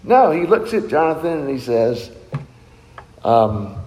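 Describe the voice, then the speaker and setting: A man's voice: medium pitch, animated, slow pace, darkish tone, long reverb tail, rough recording. A man preaching a sermon in an earnest, emphatic way, asking rhetorical questions. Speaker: pastor.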